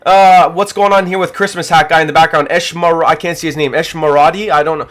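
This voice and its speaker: A livestream host who is losing his voice, calling a giveaway race with animated, rapid play-by-play. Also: fairly high pitch. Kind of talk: excited duck-race commentary on a livestream.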